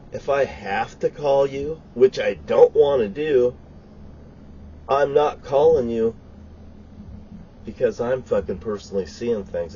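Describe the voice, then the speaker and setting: A man delivers a heated, rambling rant, swearing in nearly every line. His voice is mellow and warm. The recording sounds dull and lo-fi, with a faint hiss of noise behind him. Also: fairly low pitch. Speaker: vlogger. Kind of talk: profane ranting monologue.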